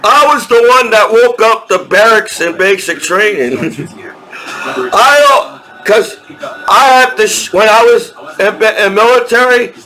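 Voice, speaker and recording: A man's voice: sits high, a little slow, bright, forceful tone, rough recording. An army veteran talking in a casual, rambling monologue, swearing freely, laughing often and restarting his sentences. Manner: rambling, profane, laughs often between lines; repeats himself and restarts sentences.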